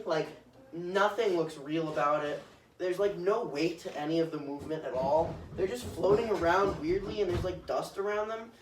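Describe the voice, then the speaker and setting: A man's voice: high voice, far from the mic. A young man rambling through a casual movie recap on a podcast, full of "like"s and silly acted-out quotes. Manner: rambling with many "like"s, acting out quotes in silly voices. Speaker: podcast co-host. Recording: roomy, off-mic, faint hiss.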